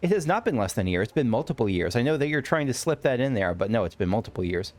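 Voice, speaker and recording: Man, casual game commentary, rambling, self-correcting, wry, lively pitch swings. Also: fast talker. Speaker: let's play gamer.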